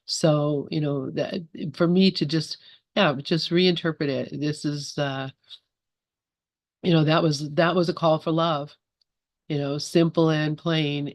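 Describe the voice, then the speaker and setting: A man's voice: on the high side, no echo. A man hosting an online study group, talking in a rambling way with many fillers. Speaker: group host. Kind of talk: casual group discussion.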